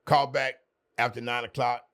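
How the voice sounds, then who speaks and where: A man's voice: mid-range voice, flat delivery, normal speed, a bit bright. A man, a podcast guest, telling an earnest personal story with emphatic repetition.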